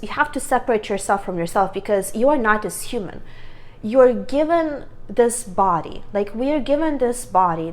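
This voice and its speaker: A woman with a worn, strained voice giving an earnest self-help talk to camera, stressing her points by repeating them. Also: a little high. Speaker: vlogger.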